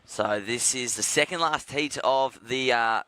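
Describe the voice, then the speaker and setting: Male surf commentator, bright smooth voice, jokey live calls. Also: medium pitch, a little slow. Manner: jokey, self-deprecating, relaxed.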